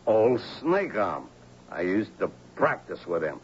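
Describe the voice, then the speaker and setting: A half-mad drunk, a former lawyer, who stammers and rambles, his pitch swinging wildly from one phrase to the next. Old radio-play sound, a little dull, with faint hiss. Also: big pitch swings, a little slow. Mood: rambling. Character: rambling alcoholic male ex-lawyer, shaky and confused. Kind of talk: 1970s radio drama acting.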